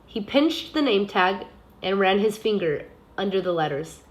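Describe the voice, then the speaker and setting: A woman teacher reading a novel aloud in a steady, expressive way. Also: medium pitch, unhurried.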